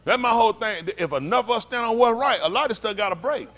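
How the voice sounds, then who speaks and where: Guy pastor w/ a high bright voice, cussing and rambling thru a loose sermon. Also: expressive, fast. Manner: blunt, profane, rambling preaching. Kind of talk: informal sermon.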